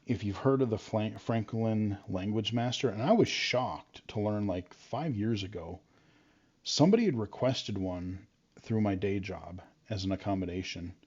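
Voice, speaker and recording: Over dull, lo-fi audio, a man with a lowish, husky, darkish voice recounts school stories at a moderate pace. The vlogger's telling is casual and meandering, thick with fillers and restarts.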